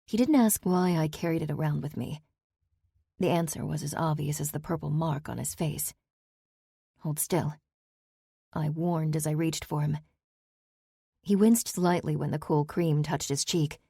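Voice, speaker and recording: A woman narrating a first-person fantasy audiobook with a low, mellow voice. Her reading is steady and measured, with a quiet tension. The recording is dry and close. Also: gravelly, husky, dry recording.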